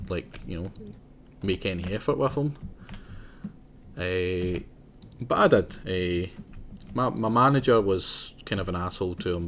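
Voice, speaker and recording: Young man, low voice, chatty game streamer, faint keyboard clatter behind. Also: slight background noise. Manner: rambling, chatty, talks to himself, laughs often. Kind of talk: casual live gameplay commentary.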